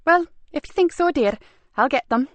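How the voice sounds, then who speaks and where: A woman's voice: lively intonation, normal speed, dry recording. A woman voicing a fussy, protective middle-aged wife who keeps the accounts, speaking in a prim, emphatic, raised voice. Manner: prim, emphatic, slightly high.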